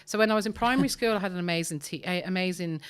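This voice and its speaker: Woman, middle-aged, lowish pitch, emphatic conversational storytelling. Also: racing, smooth. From Ireland. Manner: earnest, emphatic, swears freely. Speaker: podcast guest, author.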